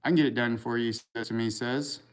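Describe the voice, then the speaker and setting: A man's voice: medium pitch, steady tone, a little fast. A man hosting a livestream, reading viewer comments aloud and answering them with crude, rambling jokes in easy casual chat. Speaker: livestream host.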